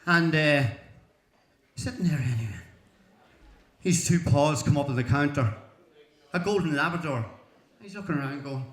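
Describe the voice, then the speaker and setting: Brief: Irish man, slightly high voice, homespun joke teller, echoey hall. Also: normal speed, pauses often. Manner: folksy storytelling, chuckles through punchlines. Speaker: joke-telling talent show act. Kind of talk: stand-up jokes at a school talent show. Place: school hall.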